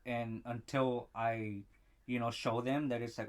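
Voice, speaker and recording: A man's voice: mid-range voice, flat delivery, unhurried. A young man holds the floor on a casual podcast. He swears freely, trails off and restarts, and acts out every line of dialogue in his tale. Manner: profane storytelling, acts out quotes. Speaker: podcast co-host. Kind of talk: casual chat.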